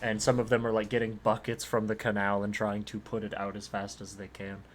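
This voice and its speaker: A man's voice: lowish voice, completely flat delivery, a little fast, a little hiss or hum. A man narrating as game master in a rambling way, with many fillers.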